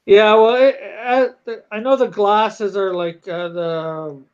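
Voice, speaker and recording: A man's voice: sits high, steady tone, slow, smooth. A man chatting casually on a livestream, rambling with many fillers and restarts. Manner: rambling, hesitant, lots of fillers. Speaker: co-host of a live drawing stream. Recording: dull lo-fi stream audio.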